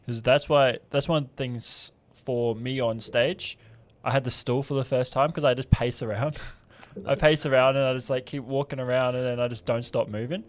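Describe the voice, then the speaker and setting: A man's voice: mid-range voice, steady tone, moderate pace. A man hosting a podcast, reflecting in a casual chat on his own experience. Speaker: podcast host.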